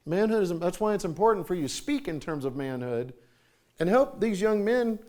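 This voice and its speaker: A middle-aged man with a drawl delivers a sermon in a church. His voice sits a little high for a man, and he talks in a folksy way, slipping into voices for his stories. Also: lively intonation, normal speed, a little mellow. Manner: folksy, acts out voices in anecdotes. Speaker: conference speaker. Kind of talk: sermon with storytelling. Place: church sanctuary.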